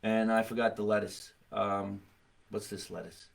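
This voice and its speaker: A man's voice: lowish voice, level tone, normal speed, creaky. Joking man. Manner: joking, self-deprecating. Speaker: host. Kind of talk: casual chat.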